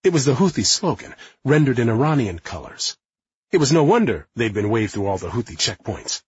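A man narrating a nonfiction audiobook in a lively, expressive manner. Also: mid-range voice, fairly quick, breathy edge, no room sound, lo-fi sound. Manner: lively, acting out quotes.

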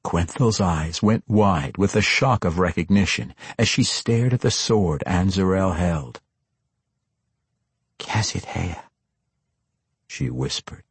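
Casting: husky-voiced male narrator, low and unhurried, dry close recording. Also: no room sound. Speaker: audiobook narrator. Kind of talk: scripted fantasy narration.

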